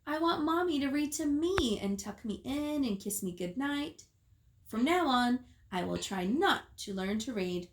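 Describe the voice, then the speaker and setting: A woman's voice: sits high, lively intonation, unhurried, voice pushed up. A woman reading a storybook and voicing a small, eager boy monster who talks in a childlike, formal, self-announcing way. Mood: proud. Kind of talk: storybook read-aloud.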